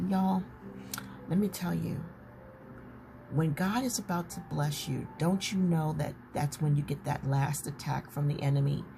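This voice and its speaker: Lady chatting to her viewers, low voice, noisy background. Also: vocal fry. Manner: chatty, warm-hearted, talks to viewers as "y'all". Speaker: journaling vlogger. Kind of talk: casual chat. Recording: noticeable background noise.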